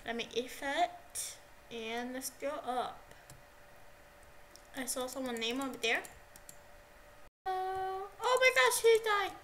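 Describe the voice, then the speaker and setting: Excitable high-voiced young woman streamer. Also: takes it slowly, long pauses, a little hiss or hum, low-quality recording. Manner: excitable, yelps and repeats herself. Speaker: livestreamer. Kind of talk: live gameplay commentary.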